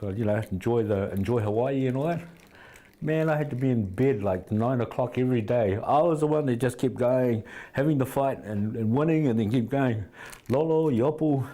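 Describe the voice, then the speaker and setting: A man's voice: mid-range voice, dark tone. A middle-aged man, telling rambling anecdotes with many restarts as an interview guest. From New Zealand. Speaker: fight trainer, interview guest. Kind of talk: casual interview storytelling.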